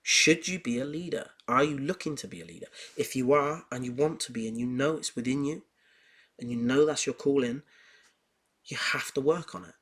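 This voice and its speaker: A young man with a medium-pitched voice, hosting a podcast. He talks casually and heats up as he tells personal stories. He repeats his points for emphasis. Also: moderate pace, fairly bright tone. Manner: emphatic, heated storytelling with repetition. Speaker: podcast host. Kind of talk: casual monologue on self-improvement.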